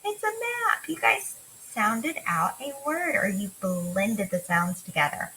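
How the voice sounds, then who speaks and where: A woman teacher giving a remote phonics lesson to young children, talking slowly in a sing-song way and drawing out letter sounds. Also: mid-range voice, sing-song, heavy background noise. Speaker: kindergarten teacher.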